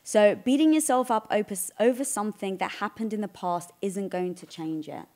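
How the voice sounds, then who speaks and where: A woman's voice: mid-range voice, normal speed, dark tone. A woman co-hosting a casual talk show, thinking aloud and asking her guest questions. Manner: talks things through, asks questions. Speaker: co-host. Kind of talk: casual chat.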